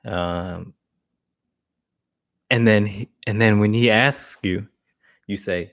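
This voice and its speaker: A male dog trainer answers questions in a relaxed live session. His voice sits on the low side. He talks bluntly and conversationally, often restarting his sentences. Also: takes it slowly, long pauses. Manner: blunt, casual, frequent restarts. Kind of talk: live Q&A talk.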